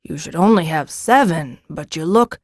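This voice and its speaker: A woman voicing a gentle old grandfather in an audiobook, patient and fond in manner. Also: deep voice, expressive, normal speed, dry recording, studio quality. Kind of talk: audiobook character reading.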